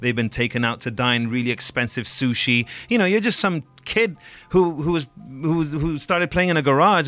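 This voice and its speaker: A man's voice: on the high side, normal speed, hardly any pauses, fairly bright tone. A man co-hosting a radio music show, talking casually in a rambling way with many fillers. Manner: rambling, filler-heavy talk. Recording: faint music behind.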